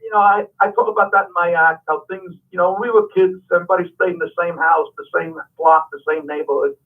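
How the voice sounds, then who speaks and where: A comedian guest on a radio interview talks animatedly and with emphasis. His voice sits high, with a steady tone and a fast pace, and the mic's distance gives it a tinny, phone-like radio sound.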